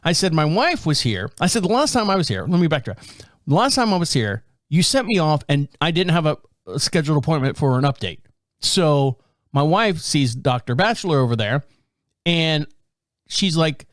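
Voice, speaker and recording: A man's voice: on the high side, moderate pace, no room sound, clean studio sound. A man hosting a podcast, telling a casual story, laughing often and acting out the voices of the people in it. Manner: animated, laughs often, acts out quoted voices. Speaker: podcast host.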